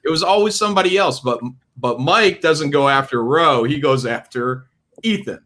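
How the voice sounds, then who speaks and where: A man with a bright, tense voice talks casually on a livestream. He is blunt and sarcastic and swears a lot. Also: fairly high pitch, normal speed. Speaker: guest on a livestream talk show.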